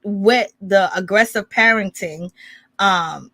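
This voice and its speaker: Woman host for casual gossip commentary, bright and rambling, dry close sound. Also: mid-range voice, slow pace, no echo. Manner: rambling, filler-heavy recap with laughs.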